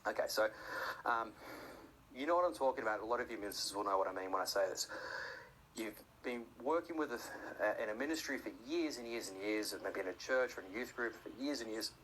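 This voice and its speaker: A man giving a conversational sermon, often slipping into quick acted-out voices for the people in his stories. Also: fairly bright tone, slight background noise, poor audio. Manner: conversational, acts out voices with sudden high-pitched outbursts. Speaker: preacher.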